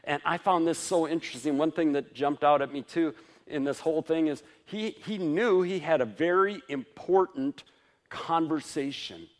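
A male pastor with a fairly high-pitched voice preaches a sermon in a casual, conversational style. He lifts his voice for emphasis, drops into soft asides, and chuckles often.

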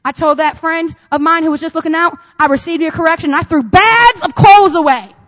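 Woman pastor, high voice, lively sermon, long hall reverb. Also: fairly quick, lo-fi sound. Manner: lively preacher, swings between loud emphasis and soft asides.

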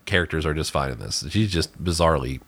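A man's voice: a bass voice, lively intonation, fast, a bit bright, slightly rough. A man co-hosting a casual movie review chat, rambling with many restarts and fillers. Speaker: podcast co-host reviewing a movie.

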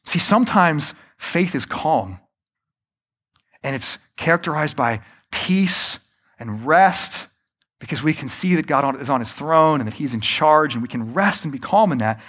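A man preaching a sermon, often slowing down to stress his points and calling the listeners friends. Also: a little high, expressive. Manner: varies pace and loudness, slows for emphasis. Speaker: pastor.

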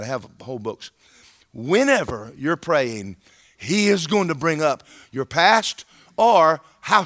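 Preaching emphatically yet conversationally, a man keeps checking in with the congregation in an animated way. His voice is a little high.

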